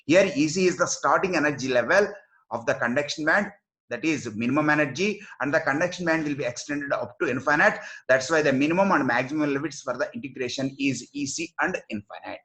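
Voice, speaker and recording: A man's voice: on the high side, fairly quick, pushed and bright. A man giving a recorded physics lecture, explaining step by step and reading out formulas.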